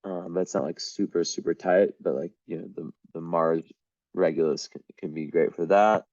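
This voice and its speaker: A man giving a casual astrology reading to camera, meandering and hesitant, with a voice that is going hoarse. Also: deep voice, steady tone, moderate pace, darkish tone, no room sound, highs cut off. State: losing his voice.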